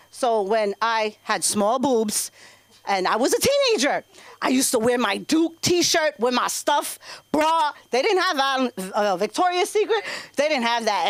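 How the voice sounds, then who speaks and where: A woman's voice: on the high side, no room sound. Brash New York woman doing stand-up. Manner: brash, profane, loud and animated. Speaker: stand-up comedian. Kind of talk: open mic stand-up.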